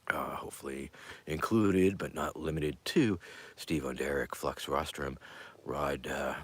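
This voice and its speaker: A man hosting a loose, chatty live stream in an extremely deep voice. He rambles in an offhand way, fills gaps with ums and uhs, and often sinks into a low mutter or whisper. His tone is husky and breathy. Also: measured pace. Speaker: show host. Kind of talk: casual live-stream chat.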